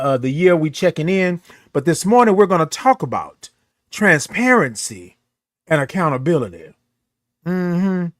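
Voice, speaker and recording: A man hosting a casual morning livestream, animated and greeting viewers by name. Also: sits high, no echo, studio quality. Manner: animated, sings out drawn-out good mornings.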